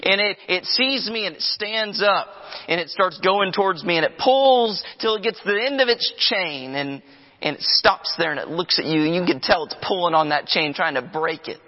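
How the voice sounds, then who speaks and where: A man's voice: high-pitched, normal speed. A man preaching a sermon, emphatic and repetitive, telling vivid stories to make his point. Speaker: pastor. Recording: dull sound with long reverb.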